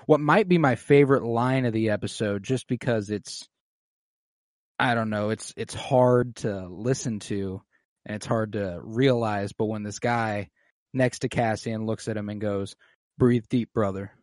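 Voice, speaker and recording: A man's voice: fairly low pitch, unhurried, no echo. Casual guy hosting, loose rambly recap, dry close sound. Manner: loose, rambling, many fillers. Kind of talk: casual chat recapping an episode.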